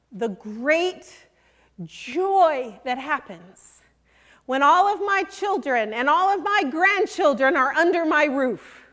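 Older female preacher, slow and earnest, hushed on key points, in a big reverberant hall. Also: sits high. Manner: earnest and emphatic, dropping to a hush on key points. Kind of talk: sermon.

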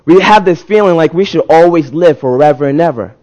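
A man's voice: a little high, fairly quick, darkish tone, dull audio. A man preaching a sermon who repeats and restarts words as he builds intensity and leads the congregation in call-and-response. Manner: rising to emphatic peaks, call-and-response with the congregation.

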